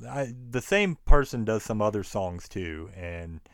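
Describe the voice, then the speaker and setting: A man's voice: lowish voice, lively intonation, measured pace, dry recording, studio quality. A man from the United States hosting a casual chat, ranting bluntly and swearing freely. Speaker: podcast host.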